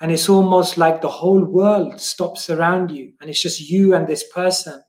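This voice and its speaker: His voice is a little high and his pace moderate as the British monk and book distributor shares stories during a casual interview. He's animated, laughing often and leaning heavily on fillers, and the room is echoey.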